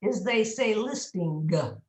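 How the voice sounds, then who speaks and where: Her voice a little high and her speed normal, a woman speech coach explains pronunciation on a video call. The room echoes, and she lively sounds out example words in this coaching interview.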